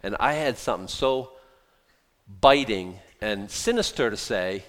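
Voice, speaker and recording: Animated, conversational male preacher. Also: a little slow. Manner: conversational, sarcastic asides, animated swings in pitch and volume. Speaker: pastor. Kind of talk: sermon.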